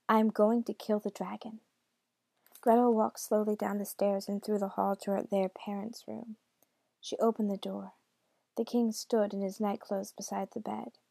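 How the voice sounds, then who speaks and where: A woman reading a dark fairy tale aloud in a hushed, intimate way, often dropping close to a whisper. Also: medium pitch, level tone, normal speed, creaky, no echo. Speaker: storyteller. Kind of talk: storybook reading.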